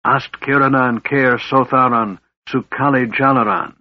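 A man reading the part of a frail young mage in a storybook, speaking quietly and sternly. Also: fairly low pitch, measured pace, breathy edge, no echo, highs cut off. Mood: chanting spell. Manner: quiet, stern, hushed delivery.

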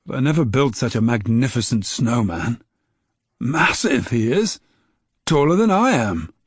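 Brief: a friendly farm father, read by a man, husky, dry close sound, storybook. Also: medium pitch, very animated, a little slow, no room sound. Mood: fond. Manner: plain, chatty, warm-hearted talk. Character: farm father, gruff then fond. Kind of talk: storybook reading.

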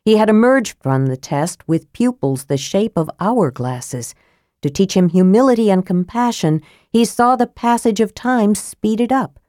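A woman narrating a fantasy audiobook in a measured, grave storytelling manner, close to a studio microphone. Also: medium pitch, dark tone, dry recording.

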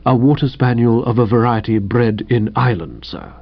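A man reading the part of a deferential middle-aged male valet, measured and unruffled. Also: mid-range voice, lo-fi sound, lightly acted. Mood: imperturbable.

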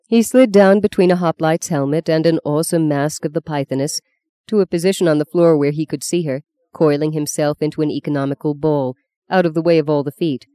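A woman narrating an audiobook in a measured, even storytelling manner, close to the mic. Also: low voice, smooth, no echo.

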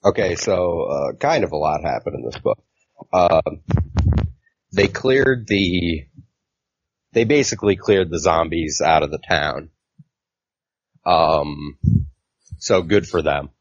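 A man co-hosts a casual comic book podcast, recapping a story in a rambling, filler-heavy way. His voice sits low and slow with frequent pauses, captured on a dull, lo-fi mic in a dry recording.

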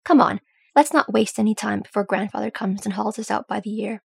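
A woman's voice: medium pitch, fairly quick, vocal fry, slightly rough, no room sound. A woman voicing an eager adolescent male dwarf who teases his older brother in a casual, chatty way. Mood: teasing.

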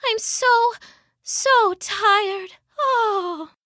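A weak, exhausted goddess, voiced by a woman narrator in a storybook. Her voice sits very high and sounds faint. It is close and dry. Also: very slow, pushed and bright, dry recording, heavily acted. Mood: weary.

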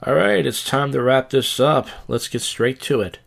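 A man's voice: medium pitch, animated, a little slow, gravelly, hardly any pauses, fairly bright tone. A man hosting a casual solo podcast, rambling loosely with profane, wry asides, recorded outdoors in a city on a phone. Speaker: podcast host.

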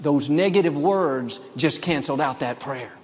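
A male pastor delivers a sermon, stacking up short, emphatic declarations one after another. His voice sits a little high for a man. The sound carries a long reverb, as in a large hall. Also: moderate pace.

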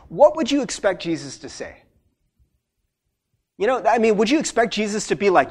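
A man as a pastor preaching a sermon, talking in an animated, conversational way with many asides. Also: sits high, a little fast, husky.

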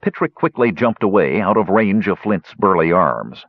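A man reading an audiobook in steady, measured scripted narration. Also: deep voice, dry recording, highs cut off.

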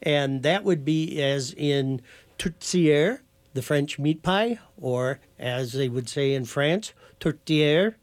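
A man's voice: mid-range voice, slow, few pauses. A man who is a guest on a talk show, patiently explaining and lecturing, sometimes spelling words out letter by letter. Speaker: guest from a heritage foundation.

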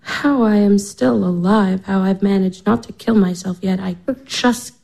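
A woman's voice: mid-range voice, steady tone, measured pace, gravelly, warm tone. An actress playing a despairing young woman of about twenty-four, anguished and tearful, slipping into whispers. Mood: desolate. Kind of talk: stage drama acting.

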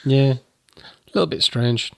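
A man's voice: mid-range voice, unhurried, creaky, dry recording. A man co-hosting a podcast, recapping with amused, chuckling casual chat. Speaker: podcast co-host.

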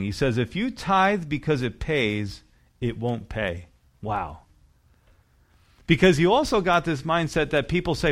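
A male pastor preaching a sermon in a church, talking to the congregation in a conversational way with frequent rhetorical questions. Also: mid-range voice.

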